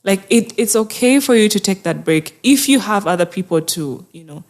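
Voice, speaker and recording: A woman's voice: medium pitch, lively intonation, moderate pace, darkish tone. A woman mental health therapist speaking as an interview guest, earnest and encouraging, often acting out people's inner thoughts. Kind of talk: conversational interview.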